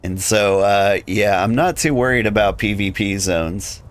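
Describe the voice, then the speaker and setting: This gamer has a fairly low voice and an unhurried pace as he chats through his stream. Relaxed but worn out, he drifts along, sprinkling in lots of filler words, "like" above all.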